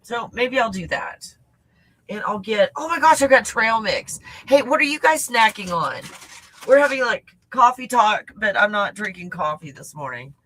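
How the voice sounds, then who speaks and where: A woman's voice: fairly high pitch, expressive, normal speed, pushed and bright. A woman hosting a casual livestream chat, snacking, reacting to viewer comments and swearing freely. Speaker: host.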